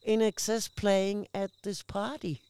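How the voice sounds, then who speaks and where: A woman, a guest actress, telling lively anecdotes in casual conversation and acting out the people she quotes. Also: medium pitch, takes it slowly, clear, resonant tone. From Australia. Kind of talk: casual chat.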